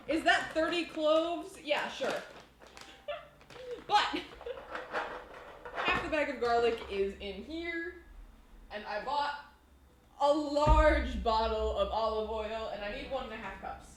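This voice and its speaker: Giggly high-voiced woman streaming from her kitchen. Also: takes it slowly, long pauses, noisy background. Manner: giggly, rambling, laughs often. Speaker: baking streamer. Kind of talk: casual live-stream chat while cooking. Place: home kitchen. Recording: echoey room.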